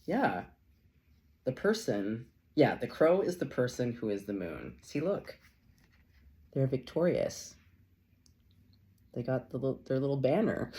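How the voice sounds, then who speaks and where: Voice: mid-range voice, very animated, slow, long pauses, a little mellow. A tarot reader giving a casual channeled reading, effusive and loose, swearing freely and laughing often.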